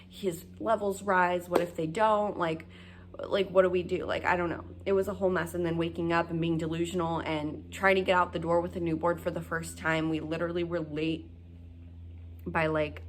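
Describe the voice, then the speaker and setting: A young woman telling her story as a new mother, rambling with many fillers. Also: on the low side. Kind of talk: casual storytelling.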